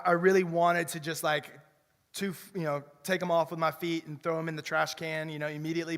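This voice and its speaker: High-voiced pastor preaching in a church hall. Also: male voice, gravelly. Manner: animated preaching, repeats words as he restarts. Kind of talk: sermon. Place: church sanctuary. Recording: long reverb of a church hall.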